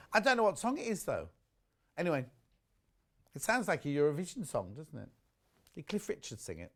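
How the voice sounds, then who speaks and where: A man's voice: fairly high pitch, very animated, moderate pace. Chatty man selling on TV. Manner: chatty, gushing over products, reads viewer messages aloud. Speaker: shopping channel presenter. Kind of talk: live TV sales chat. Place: TV studio.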